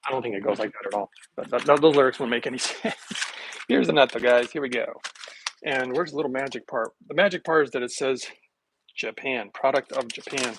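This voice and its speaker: Man, gravelly voice, rambling casual chat, sarcastic asides, phone mic, home kitchen. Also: mid-range voice, brisk, noisy background. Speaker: host of a health livestream. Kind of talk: casual livestream chat while making a smoothie.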